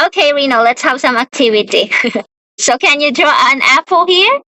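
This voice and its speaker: A young woman teaching a beginner English lesson to a child, repeating words slowly and laughing often. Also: sits high, expressive, pushed and bright, dry recording, poor audio.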